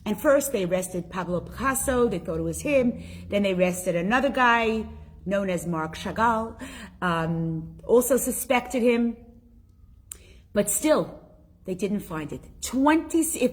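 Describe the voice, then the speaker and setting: A middle-aged woman teaching a live online class, chatty and animated, reading out viewer comments as she goes. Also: a little high.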